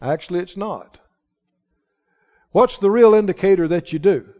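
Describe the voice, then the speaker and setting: A man's voice: high-pitched, animated, moderate pace, a little mellow. A male pastor preaching a sermon with emphatic, rising declarations to a church congregation. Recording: dull sound with long hall reverb.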